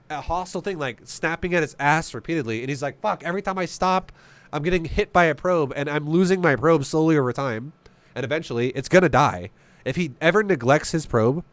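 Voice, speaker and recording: A man's voice: medium pitch, no echo. A man giving casual, profane gameplay commentary, blunt and joking as he explains strategy. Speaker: game commentator.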